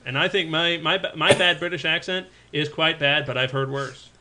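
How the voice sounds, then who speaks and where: A man's voice: on the high side, steady tone, moderate pace, sharp tone. A man co-hosting a casual podcast chat about tabletop games, rambling with lots of fillers and restarts. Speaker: podcast co-host.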